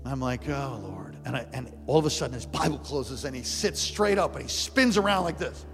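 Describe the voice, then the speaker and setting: A man preaching a sermon and telling a story, animated, acting out the voices and breaking into shouts at high points. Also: a little fast. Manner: animated, acts out quotes, bursts into shouts. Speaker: pastor. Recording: live church sound with long reverb and music underneath.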